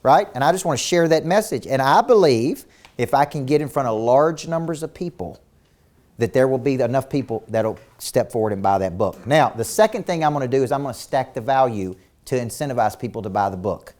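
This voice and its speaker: A man coaching a virtual seminar talks a little fast in a mid-range, darkish voice with lively intonation. As a business coach, he's intense and emphatic, hurling rhetorical questions at his audience and repeating words as he begins each point.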